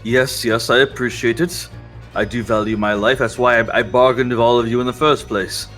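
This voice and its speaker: A man's voice: medium pitch, steady tone, normal speed, a bit bright, soft background music, pitched below the performer's own voice, natural voice. A man doing a cold, menacing rich villain. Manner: clipped, menacing, threatening. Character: cold scheming rich man holding the group hostage.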